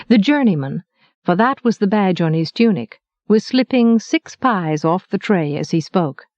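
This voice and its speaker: A woman narrating an audiobook at a slow, unhurried pace, her voice rising and falling with lively expression. The sound is dry and close, recorded with a dull, lo-fi tone. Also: mid-range voice, no room sound. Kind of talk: scripted narration.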